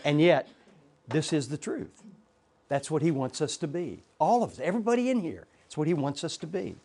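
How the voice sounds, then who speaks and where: A man's voice: a little high, lively intonation, normal speed, darkish tone, breathy edge. A middle-aged man teaching a church Bible class, emphatic, repeating points and asking rhetorical questions.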